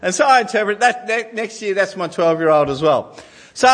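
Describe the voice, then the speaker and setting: A man's voice: sits high, animated, a little fast, fairly bright tone, in a large hall. A man in his forties preaching a sermon, telling family stories with self-deprecating humour. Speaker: pastor.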